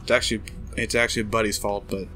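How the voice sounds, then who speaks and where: A man's voice: lowish voice, little pitch movement, fast talker, pushed and bright, faint music behind. A man hosting a casual let's play, reading game dialogue aloud and rambling with wry asides. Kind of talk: casual gameplay commentary.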